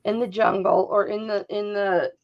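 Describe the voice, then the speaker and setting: A woman's voice: mid-range voice, flat delivery, moderate pace. A woman telling stories in casual chat on a live sale stream, joking and acting out what people said. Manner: chatty, joking, quotes people in her stories. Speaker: co-host. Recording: dull lo-fi livestream audio.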